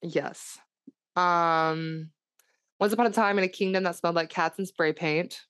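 A woman's voice: lowish voice, unhurried, smooth, dry recording. A young woman hosting a casual chat, reading fan fiction aloud and often laughing. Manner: animated, laughs often, slips into silly character voices. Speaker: podcast co-host.

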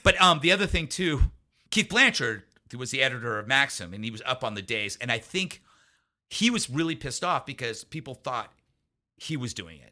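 A man as an interview guest, telling a story in an animated way, laughing often and acting out what other people said. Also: mid-range voice, moderate pace. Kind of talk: storytelling anecdote in a conversational interview.

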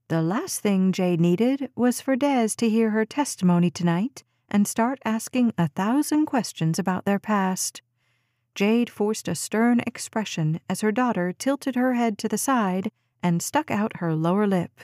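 A woman's voice: mid-range voice, unhurried, darkish tone, no echo. Dry, close woman narrating a novel. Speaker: audiobook narrator. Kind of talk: scripted narration.

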